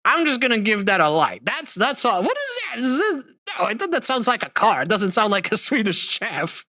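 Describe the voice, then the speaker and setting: Man, livestream host, animated, bright voice, dry sound. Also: high-pitched, normal speed, no room sound. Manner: expressive, laughing, mock-outraged rants. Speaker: streamer host. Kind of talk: livestream reaction chat.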